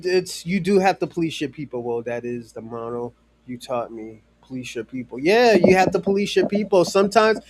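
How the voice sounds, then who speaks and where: Man, live-stream chatter, slightly high voice, rambling, lots of fillers, casual swearing, addresses chat. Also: animated, brisk, darkish tone. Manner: rambling, loose, with many fillers and restarts; talks straight to a viewer in chat.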